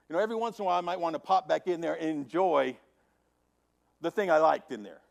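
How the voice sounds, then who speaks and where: Male Sunday school teacher, fairly high voice with gravel, dramatic hushed-to-loud preaching. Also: quick pace. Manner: repetitive, emphatic preaching cadence. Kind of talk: Bible teaching to a congregation.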